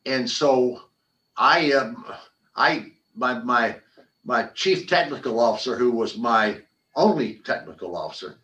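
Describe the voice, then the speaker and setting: An older man, a former athlete turned business founder, telling animated stories in an interview with frequent restarts and repeated words. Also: medium pitch, unhurried, far from the mic, poor audio. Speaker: podcast guest, former football player and business founder. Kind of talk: conversational interview storytelling.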